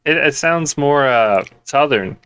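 A man with a clear, smooth voice bantering on a podcast, joking at his own expense. His pitch moves a lot and he sounds animated. He is a plain, mid-pitched talker. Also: slow. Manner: playful, self-mocking banter. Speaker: podcast co-host. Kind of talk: casual chat.

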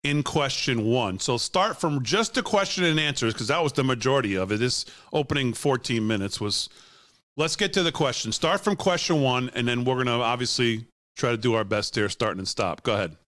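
A man's voice: medium pitch, expressive, fairly quick, a bit bright. A man hosting a talk show, giving heated, scornful political commentary and laughing often.

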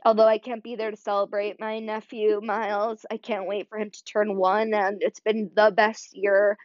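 A woman's voice: medium pitch, flat delivery, normal speed, no room sound. A young adult woman hosting a podcast, choked up and near tears, talking earnestly and rambling with lots of fillers. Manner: earnest, rambling, many "like" and "you know" fillers. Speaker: podcast host. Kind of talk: heartfelt solo podcast monologue. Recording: dry, slightly dull lo-fi sound.

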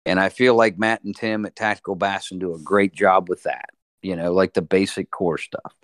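A man, a podcast guest, in casual chat and explaining things in a relaxed way. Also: sits low, normal speed, no room sound, studio quality. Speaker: podcast guest, fishing industry sales director.

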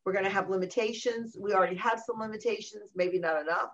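A middle-aged woman talking about parenting in a casual conversation, animated and often acting out what other people say. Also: medium pitch, fast. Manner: animated, acts out quoted voices. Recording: dull lo-fi recording.

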